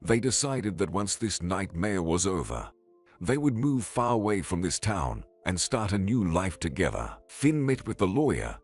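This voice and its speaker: A man narrating a dramatic story in a steady, scripted storytelling manner. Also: deep voice, husky.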